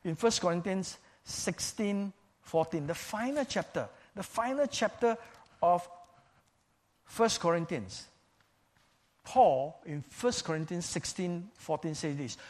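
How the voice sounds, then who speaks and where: A man preaching a sermon in a measured, emphatic way, repeating key phrases for stress. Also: high-pitched, animated.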